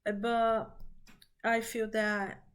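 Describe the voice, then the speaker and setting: Woman, non-native english speaker, fairly high voice, earnest, reassuring spiritual chat. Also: level tone, very slow, clear, resonant tone. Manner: earnest, reassuring, repeats key phrases; speaks English as a second language. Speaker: spiritual reading channel host. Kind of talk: casual spiritual talk to camera.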